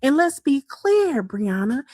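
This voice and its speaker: A woman's voice: high-pitched, very animated, slow, a little mellow, no room sound. Blunt woman commentary YouTuber, dry sound. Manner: blunt, scolding. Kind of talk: casual commentary video.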